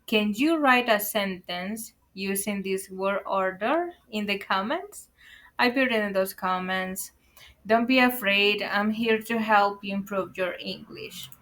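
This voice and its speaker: Slow, bright-voiced woman teaching English. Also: mid-range voice, low-quality recording. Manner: careful explanations, repeated warnings to be careful; addresses viewers as guys. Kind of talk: online language lesson.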